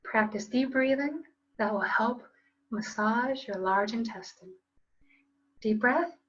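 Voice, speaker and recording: Playful woman qigong teacher, kinda high voice, muffled lo-fi audio. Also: slow pace, a bit bright. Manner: upbeat, playful, coaching with call-and-response. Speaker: qigong instructor. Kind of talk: online class instruction.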